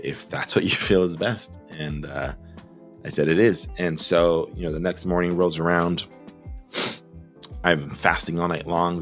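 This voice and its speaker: A man who runs a small business tells his own story to camera in an earnest, heartfelt way, pausing often with fillers and sometimes close to tears. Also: low voice, a bit bright. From Southern California. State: emotional, close to tears at times.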